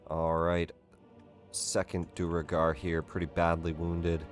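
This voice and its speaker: A man running a tabletop game as game master, giving rulings in a relaxed, matter-of-fact way. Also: deep voice, takes it slowly, faint music behind.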